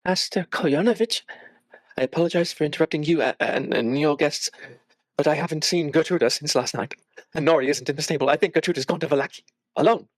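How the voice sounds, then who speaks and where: A man's voice: on the high side, fast, no echo, pitched above the performer's own voice, natural voice. A man doing a frantic tearful village woman. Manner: breathless, stammering, pleading.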